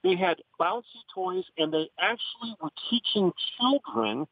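A man's voice: high-pitched, sing-song, unhurried, breathy edge, no echo. A man from Oklahoma, a guest on a radio talk show, speaking in an impassioned, emphatic way over the phone. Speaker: guest commentator. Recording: tinny phone line.

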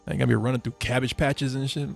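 A man's voice: medium pitch, steady tone, rapid-fire, vocal fry, soft background music. A man co-hosting a casual gaming chat, laughing often and trash-talking with profane, boisterous energy. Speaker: co-host playing a video game.

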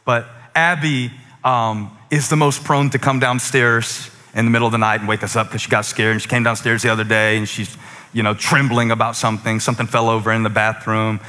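Bright-voiced preacher in a reverberant hall. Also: male voice, mid-range voice, flat delivery, fairly quick. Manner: conversational preaching, rising to emphatic peaks. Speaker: pastor. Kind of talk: sermon. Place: church stage with few listeners.

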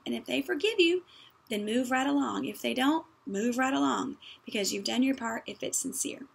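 A woman's voice: high-pitched, moderate pace, creaky, slightly rough. A woman giving a practical church-style talk in a conversational, folksy way, with many fillers. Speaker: speaker teaching on apologies.

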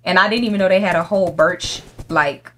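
A woman's voice: lowish voice, brisk, a little hiss or hum. A young woman giving casual gameplay commentary, brash and profane, scolding the animals in her game. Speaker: gaming YouTuber.

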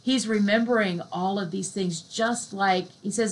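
Woman lecturer, casual classroom delivery, mid-pitched voice, slow, soft poem readings. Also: poor audio. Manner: conversational, often adds "right?" as a check; reads poems aloud slowly and softly. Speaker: literature lecturer. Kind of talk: recorded university lecture.

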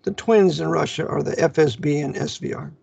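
A man's voice: on the high side, a little fast, creaky, a little mellow, breathy edge. A man speaking as a guest in a casual chat, emphatic, cutting in with corrections and asides. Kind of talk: casual conversation.

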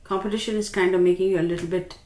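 A woman giving a casual tarot reading, chatty and expressive, talking straight to the viewer. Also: fairly low pitch, racing. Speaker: tarot reader. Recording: roomy with faint background noise.

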